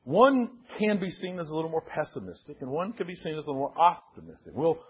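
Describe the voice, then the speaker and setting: An older male pastor giving a sermon in a measured, self-deprecating storytelling manner. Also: on the high side, very animated, slightly rough. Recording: dull lo-fi sermon recording.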